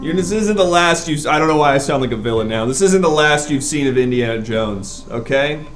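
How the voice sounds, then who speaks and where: A man's voice: fairly high pitch, animated, brisk, close to an everyday voice. A man playing a boastful parody Indiana Jones. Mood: self-pitying. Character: bumbling parody adventurer man, self-important. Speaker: comedy streamer. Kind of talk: improv comedy role-play.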